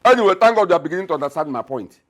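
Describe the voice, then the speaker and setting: A man's voice: fairly high pitch, expressive, rapid-fire, close to an everyday voice. A middle-aged man with a Nigerian accent, playing a callous, mocking father in a film drama. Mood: scornful. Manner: mocking, scornful. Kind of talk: film acting.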